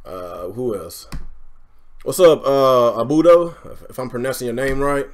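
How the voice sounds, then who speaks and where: A man hosting a gaming live stream, ranting heatedly with lots of swearing and shouting, then calmly greeting viewers. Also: mid-range voice, unhurried. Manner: heated, profane, often shouting, then calm chatty shout-outs.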